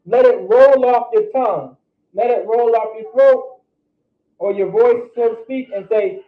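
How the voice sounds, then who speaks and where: A man teaching a classroom pronunciation lesson, slowly repeating syllables again and again as he drills them. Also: sits high. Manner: slow, repetitive drilling of syllables. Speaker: language teacher. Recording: echoey room on a tinny lo-fi recording.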